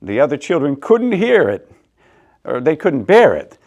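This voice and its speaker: A man reading a children's picture book aloud, swinging between soft and loud in an expressive way. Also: on the high side, measured pace, lo-fi sound. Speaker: storyteller, theater director.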